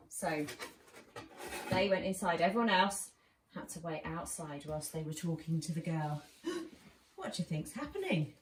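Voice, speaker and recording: A woman leading a children's church session, telling a Bible story with lively voices and asking the children questions. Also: on the low side, moderate pace. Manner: animated, asks children questions, acts out lines. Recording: roomy and distant with faint noise.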